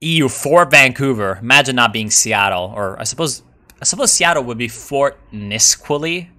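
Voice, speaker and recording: Bright-voiced, excitable man streaming a game. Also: mid-range voice, moderate pace. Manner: excitable, profane, jumps between mumbling and shouting. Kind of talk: live gameplay commentary, reading chat.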